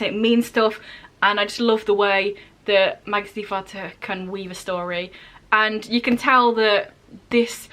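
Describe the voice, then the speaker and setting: A woman's voice: on the high side, fairly bright tone. Chatty woman gushing about books. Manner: chatty and gushing, giggly at the start. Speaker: book vlogger. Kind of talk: casual book wrap-up vlog.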